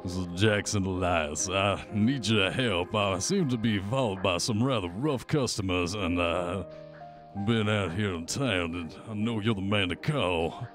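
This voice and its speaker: A man playing a frightened, paranoid man who is being followed, speaking slowly and urgently. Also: low-pitched, over music.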